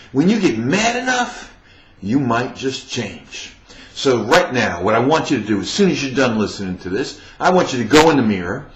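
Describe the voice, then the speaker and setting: A man's voice: on the high side, fairly bright tone, reverberant, poor audio. A man giving a fired-up motivational monologue as a life coach, emphatic and preaching.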